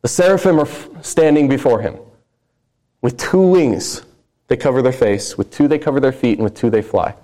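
A man's voice: mid-range voice, normal speed, dark tone. A man preaching a sermon, reading scripture aloud with earnest emphasis.

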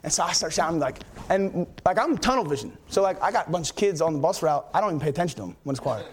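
A young man with a notably high voice preaches a fast-paced sermon in church. His stories tumble out in an excitable, rambling way, with plenty of fillers and restarts.

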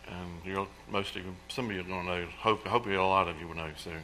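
Man, middle-aged, church testimony, earnest, repetitive, low-pitched, sharp tone. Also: steady tone, quick pace, a little hiss or hum, poor audio. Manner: earnest, repetitive, exclaims praise. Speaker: church member giving testimony. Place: church sanctuary.

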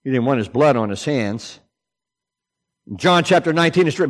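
A man preaching a sermon, swinging between loud, emphatic declarations and low, hushed asides. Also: expressive, a little fast, in a large hall.

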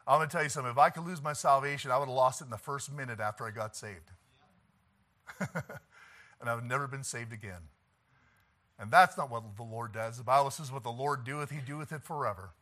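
A man preaching a sermon, swinging from quiet pleading to shouted declarations and chuckling between points. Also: mid-range voice, brisk, pauses often. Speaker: pastor.

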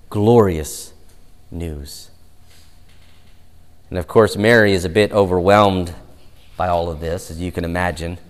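A man preaching a sermon as a pastor, emphatic and given to drawn-out storytelling. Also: medium pitch, in a large hall.

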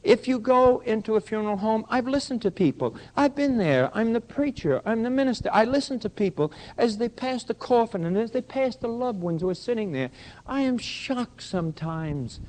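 An older pastor preaches with a high voice that leaps up and down in pitch. He slips from soft, hushed lines into loud, driving ones and keeps asking his listeners questions. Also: animated, normal speed, poor audio. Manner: asks the congregation questions. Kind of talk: sermon.

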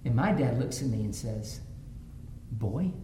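A man's voice: medium pitch, brisk, dark tone. A man preaching a sermon as pastor, telling stories from his own family life and rising to fervent emphasis. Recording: roomy echo, faint background noise.

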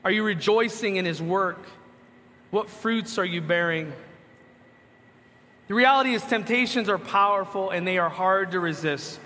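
Pastor preaching, male, high bright voice, poses questions and answers them, reads scripture, long hall reverb. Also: normal speed, long pauses. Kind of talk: sermon.

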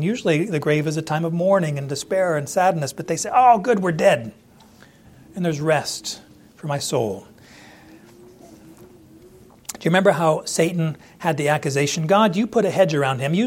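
Man teaching scripture, slightly high voice. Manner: conversational, acts out quoted lines with restarts. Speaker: Bible teacher. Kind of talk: verse-by-verse Bible teaching.

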